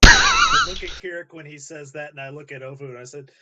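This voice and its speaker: A man's voice: on the high side, huge pitch swings, a little fast, noisy background. A man playing a tabletop game, casual and hesitant, often restarting his sentences. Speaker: player.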